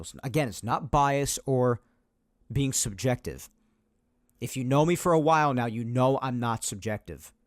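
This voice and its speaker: This is a man's medium-pitched voice on his solo sports podcast, delivering opinionated takes with emphasis and repeating them to drive them home. The sound is clean studio quality with no room sound.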